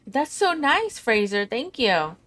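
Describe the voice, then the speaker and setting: A woman streaming a ghost-hunting game with a friend, excitable and swearing, shrieking when startled. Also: fairly high pitch, takes it slowly. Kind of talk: casual gaming chat.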